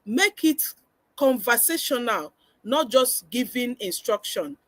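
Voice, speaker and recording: A woman's voice: fairly high pitch, expressive, slow, a bit bright, no room sound. A woman giving a parenting webinar lecture, earnest and instructive, often acting out how parents should talk with children. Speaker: parenting coach.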